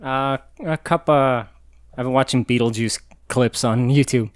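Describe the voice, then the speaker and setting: A man's voice: mid-range voice, measured pace, clean tone, no echo, clean studio sound. A young man co-hosting a podcast, chatting casually and quoting other people in put-on voices. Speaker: podcast co-host. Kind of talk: casual chat.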